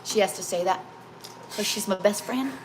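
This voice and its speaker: A woman's voice: medium pitch, normal speed. Host, woman, middle-aged, rambling and emotional, casual livestream chat in a home kitchen with faint background noise. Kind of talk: casual chat while baking live.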